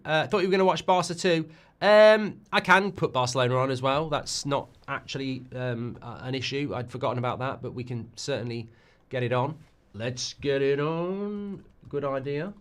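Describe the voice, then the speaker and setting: A middle-aged man hosting a live football watchalong, talking in a rambling, excitable way and often repeating and restarting his words. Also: on the high side. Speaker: host.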